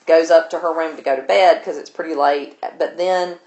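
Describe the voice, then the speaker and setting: A woman's voice: sits low, fairly even intonation, moderate pace, darkish tone. Chatty woman teacher, roomy sound. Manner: chatty, loose, with frequent "um" and "like". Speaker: literature teacher. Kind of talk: casual retelling of a novel for a class.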